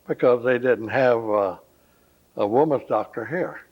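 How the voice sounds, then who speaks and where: An older man from Florida, recalling his family history at a slow, rambling pace in an oral history interview. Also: medium pitch, slightly rough. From Florida, USA. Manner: slow, rambling, pauses often with "uh". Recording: dull lo-fi recording.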